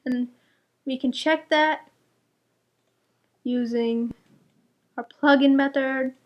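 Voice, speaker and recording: Young female math tutor, high voice, unhurried delivery, patient step-by-step explainer. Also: steady tone, muffled recording. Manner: patient, walks through each step and checks answers.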